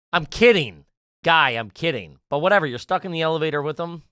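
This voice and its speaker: A man's voice: a little high, lively intonation, normal speed, bright, forceful tone, clean tone, no room sound, studio quality. A man co-hosting a comedy podcast, ranting in exasperated casual banter with lots of swearing. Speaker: podcast co-host.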